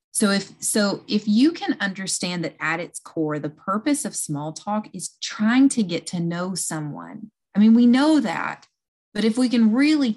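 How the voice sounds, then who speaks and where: A woman talking casually and earnestly, explaining things step by step with a self-aware touch. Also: lowish voice.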